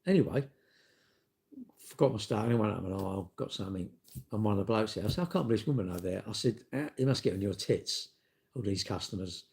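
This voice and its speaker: Sweary bloke, sixties, gravelly and low-voiced, live-stream rant. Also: male voice, fast talker, darkish tone. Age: 60s. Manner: blunt, sweary, storytelling with acted-out quotes. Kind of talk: casual ranting monologue.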